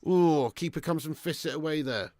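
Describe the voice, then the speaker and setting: A man hosting a live football watch-along, commentating on play and chatting with viewers. He swears a lot and swings between excited shouting and flat grumbling. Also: on the high side, moderate pace, no echo, clean studio sound. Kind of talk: live match commentary and fan chat.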